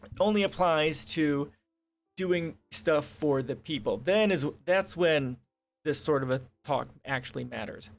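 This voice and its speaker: A man's voice: on the high side, measured pace, vocal fry, faint music behind. Profane ranting man streamer. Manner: profane, sarcastic, reads articles aloud and rants. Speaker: livestream host. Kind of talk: casual political commentary stream.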